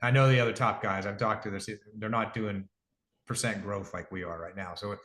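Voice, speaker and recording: A man's voice: fairly low pitch, steady tone, a little fast, a bit bright. A middle-aged man talking casually as an interview guest, rambling, correcting himself as he goes, earnest about his business. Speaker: guest, device company founder. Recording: roomy echo.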